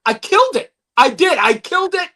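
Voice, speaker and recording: A man chatting about his acting auditions in an excitable way, laughing often and repeating his words. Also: extremely high pitch, fairly quick. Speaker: actor guest. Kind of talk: casual chat.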